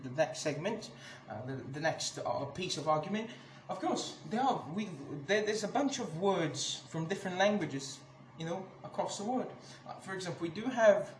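Man ranting on a podcast, high voice, angry and swearing, echoey room, noticeable background noise. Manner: angry, swears a lot, many restarts. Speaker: podcast host. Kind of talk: casual ranting monologue.

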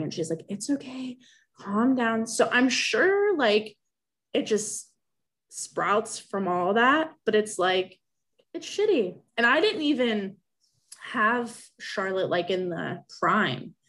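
A young woman telling a personal story in casual conversation, acting out the remembered exchanges in her own voice. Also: medium pitch. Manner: animated, acts out remembered exchanges. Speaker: guest sharing a personal story.

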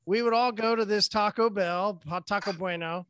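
High-voiced man, loose and profane. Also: fairly quick, few pauses. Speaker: host. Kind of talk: casual podcast chat.

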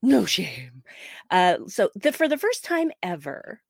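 A woman co-hosting a podcast in casual chat, talking in a chatty, animated way with quick asides. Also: a little high, no echo, studio quality. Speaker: podcast co-host.

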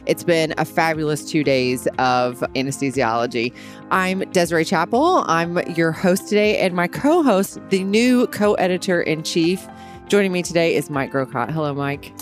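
A woman's voice: low voice, lively intonation, moderate pace, faint music behind. Upbeat chatty woman hosting a podcast. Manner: upbeat and chatty, laughs often. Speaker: podcast host. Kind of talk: casual conference interview. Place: conference exhibit hall.

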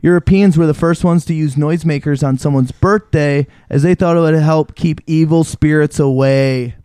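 Man, podcast co-host, relaxed, reads trivia, slightly high voice, dry sound. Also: moderate pace, clear, resonant tone, dry recording. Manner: laid-back, reads trivia aloud. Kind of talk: casual comedic chat.

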